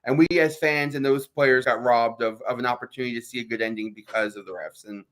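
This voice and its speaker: A man co-hosting a sports radio show, talking in an animated, emphatic way with frequent restarts. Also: medium pitch, fast. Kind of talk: casual sports talk.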